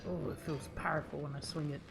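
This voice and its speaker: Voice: medium pitch, fairly even intonation, fast, vocal fry, music in the background. A game streamer giving casual live commentary, wry and muttering reactions to the game. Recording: noisy stream audio.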